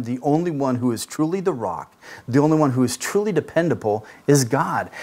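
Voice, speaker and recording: A man's voice: medium pitch, darkish tone. A middle-aged man, a pastor, giving a conversational sermon and often asking his listeners rhetorical questions.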